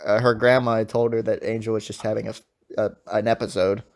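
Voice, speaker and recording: A man's voice: fairly low pitch, level tone, a little fast. Young man rambling through a story. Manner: rambling storytelling, heavy swearing. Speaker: podcast co-host. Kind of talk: casual chat.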